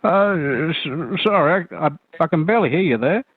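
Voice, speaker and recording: A man's voice: a little high, animated, moderate pace, husky, no room sound, phone-quality sound, voice pushed up. A man voicing a confused, rambling elderly man with a wheezy voice and a slight whistle, stammering and hesitant.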